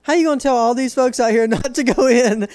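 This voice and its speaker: A man's voice: very high-pitched, fast, no room sound, studio quality. A young man, casually telling a story on a podcast and acting out the people in it with a raised voice. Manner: animated, acts out quotes in a raised voice. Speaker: podcast co-host.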